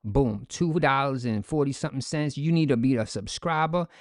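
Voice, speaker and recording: A man's voice: a little high, darkish tone, dry recording, clean studio sound. A man hosting a commentary vlog, ranting in a mocking, exasperated way and throwing rhetorical questions at his viewers. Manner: rants with repeated rhetorical questions and calls to "folks". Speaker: commentary channel host.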